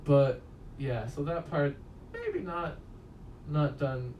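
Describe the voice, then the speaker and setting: A man gives a casual spoken movie review in a high, very animated but slow voice, rambling, swearing often and laughing at his own stories. He's recorded from a distance and slightly off-mic, leaving the sound muffled, with a roomy echo and faint room noise.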